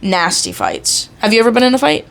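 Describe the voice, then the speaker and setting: A woman hosting a podcast, reacting with gasps, teasing quips and quick interjections in casual chat. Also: a little high, wildly swooping pitch, gravelly, fairly bright tone. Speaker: podcast host.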